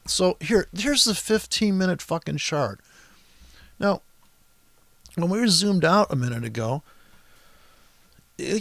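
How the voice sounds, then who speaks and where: A man with a gravelly, somewhat high-pitched voice, recorded dry and close. He rants through a trading chart, swearing constantly and sounding exasperated. His sentences ramble and keep restarting. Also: fairly bright tone, dry recording. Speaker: trading educator. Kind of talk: profane ranting chart walkthrough.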